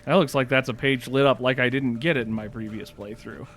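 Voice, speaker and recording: A man's voice: mid-range voice, fairly even intonation, brisk, fairly bright tone. A young man casually commenting while he plays a game, reacting aloud, with the hiccups. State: has the hiccups. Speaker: gaming channel host. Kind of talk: casual let's-play commentary. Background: game music.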